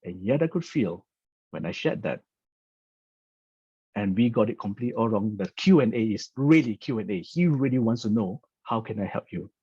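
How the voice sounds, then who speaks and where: A man's voice: on the low side, lively intonation, moderate pace, pauses often, warm tone, husky, no echo, lo-fi sound. A man giving a storytelling business talk in a chatty way, often stammering and repeating words. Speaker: business presenter.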